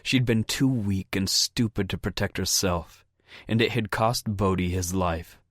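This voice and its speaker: In scripted narration, a man reads an audiobook at a steady, measured rate. His voice sits low, and the sound is clean studio audio with no room sound.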